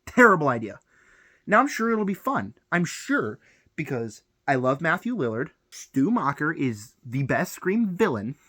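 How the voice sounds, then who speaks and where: A man's voice: on the high side, big pitch swings, unhurried, pushed and bright, no room sound, clean studio sound. A young man ranting on a film vlog, heated and exasperated, piling up rhetorical questions. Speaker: film vlogger.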